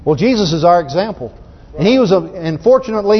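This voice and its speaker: High-voiced fervent preacher, echoing hall. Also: male voice, lively intonation, moderate pace, husky. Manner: folksy, fervent preaching with many restarts. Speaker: pastor. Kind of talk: sermon. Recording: muffled recording in a reverberant hall.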